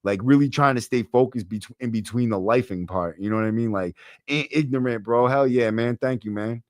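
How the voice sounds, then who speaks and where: A man's voice: mid-range voice, brisk, a little mellow, no room sound, studio quality. A young man with a thick Boston accent hosting a casual livestream podcast, chatting to viewers in a brash, streetwise way full of swearing and slang. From Massachusetts. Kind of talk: casual livestream chat reading comments. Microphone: close podcast mic.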